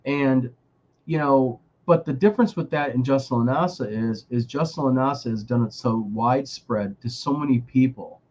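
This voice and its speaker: A man of middling pitch co-hosts a casual chat show, talking emphatically and restarting his sentences often. His voice comes through muffled and lo-fi. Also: normal speed, darkish tone. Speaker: podcast co-host.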